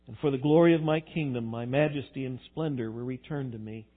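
A man preaching a sermon, animated, swinging between quiet reflection and loud emphasis. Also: medium pitch, normal speed. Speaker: pastor. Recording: tinny phone-like sound.

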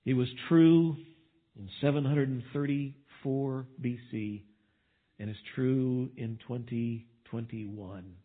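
A man's voice: medium pitch, fairly even intonation, takes it slowly. A male pastor preaching a sermon with emphasis and rhetorical questions. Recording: tinny phone-like sound.

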